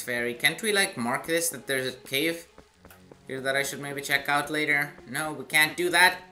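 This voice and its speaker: Bright-voiced man narrating his gameplay. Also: mid-range voice. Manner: chatty, self-mocking asides. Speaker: let's play gamer. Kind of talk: casual gameplay commentary.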